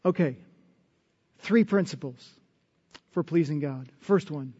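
A pastor with a notably high voice preaches earnestly and conversationally, stacking up rhetorical questions. The recording is dull and lo-fi. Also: male voice, slow, warm tone, slightly rough. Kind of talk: sermon.

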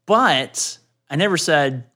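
A man's voice: on the high side, expressive, takes it slowly, bright, forceful tone. A man co-hosting a casual podcast, joking around and laughing often. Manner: joking, laughs often, does silly accents. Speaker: podcast co-host. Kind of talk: casual chat.

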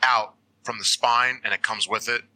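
Male co-host, very bright sharp timbre, giggly casual chatter. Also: mid-range voice, fairly even intonation, normal speed, no echo, low-quality recording. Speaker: podcast co-host. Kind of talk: casual horror podcast chat.

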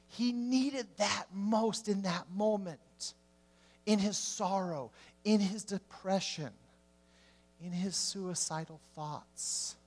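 A man preaching a sermon, swinging between emphatic rising questions and hushed drops. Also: sits high.

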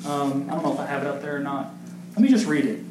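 In an echoey church sanctuary with faint background noise, a man with a slightly high voice preaches quickly to his congregation as their pastor. His delivery rises emphatically, and he throws questions out to the room.

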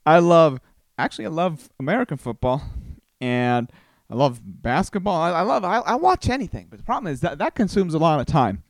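A man's voice: on the high side, sing-song, a little fast, no echo, studio quality. A man from Costa Rica hosting a casual solo podcast, telling rambling stories with many restarts. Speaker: podcast host.

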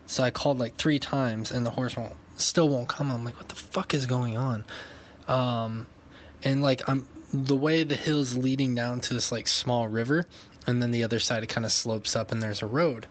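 A man recording a casual voice message, telling a story in a profane, animated way. His pitch sits in the ordinary middle range for a man. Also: moderate pace, slight background noise. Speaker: podcast host.

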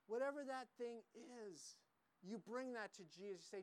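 A man's voice: very high-pitched, animated, moderate pace, a little hiss or hum. A man preaching a sermon, emphatic and repetitive, acting out quoted lines as he teaches. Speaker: pastor.

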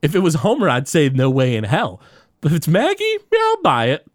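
A man's voice: a little high, a little fast, no echo, studio quality. A man co-hosting a casual podcast, retelling an episode and acting out the quotes as he goes. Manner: animated storyteller who acts out quotes. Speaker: podcast co-host. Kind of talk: casual episode recap chat.

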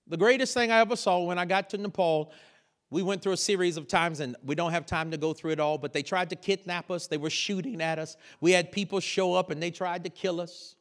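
A man preaching a lively sermon, telling a story with laughter and sudden shouted bursts. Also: high-pitched, fairly quick. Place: church sanctuary.

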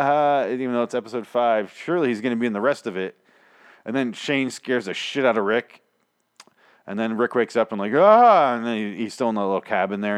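A man's voice: lowish voice, clear, resonant tone, no room sound, clean studio sound. A man casually recapping a TV episode on a podcast, rambling and ranting with plenty of swearing.

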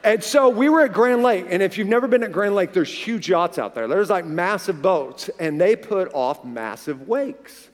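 In a large hall with long reverb, a high-voiced pastor in his forties tells a personal story during his sermon. He speaks at a normal speed with few pauses, animatedly acting out the dialogue.

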